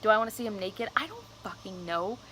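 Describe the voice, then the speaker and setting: A woman's voice: medium pitch, very animated, quick pace, a bit bright, slight background noise, low-quality recording. A young woman telling a personal story on her vlog, casual, candid and cursing freely. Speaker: vlogger.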